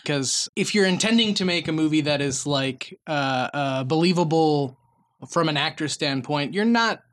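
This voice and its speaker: Halting man with dry podcast jokes. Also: on the high side, animated, fairly bright tone. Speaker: podcast co-host. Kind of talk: casual movie-review chat.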